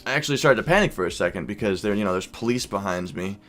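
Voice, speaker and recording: A young man vlogging, casually telling a wild night's story with lots of swearing and animated quoted voices. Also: on the low side, fast. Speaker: YouTuber.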